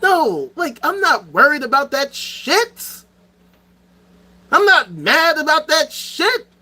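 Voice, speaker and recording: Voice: sits high, pushed and bright. A streamer host ranting to the chat in a profane, sarcastic and emphatic way. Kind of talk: livestream rant to chat.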